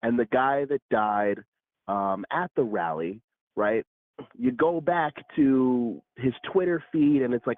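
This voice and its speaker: A man's voice: medium pitch, animated, takes it slowly. A man talking as a guest in a casual political chat, earnest and searching, often checking in with "right?". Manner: earnest, talks things through with many "right?". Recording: tinny phone-like line.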